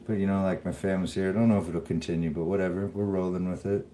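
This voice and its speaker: A man's voice: low-pitched, steady tone, fast, background noise. A man hosting a live cooking stream from his home kitchen, rambling casually to viewers as he cooks. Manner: laid-back, rambling, talks to viewers while cooking. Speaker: livestream host cooking. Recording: roomy sound with clear music behind. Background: blues or country music playing.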